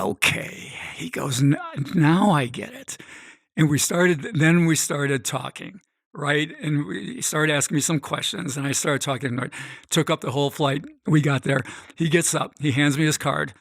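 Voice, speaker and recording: A middle-aged man tells a story with animated energy, jumping into the voices of the people he quotes. His voice sits a little high and has a gravelly edge, and the sound is dry and close. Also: no room sound. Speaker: guest, gambling expert. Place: podcast studio.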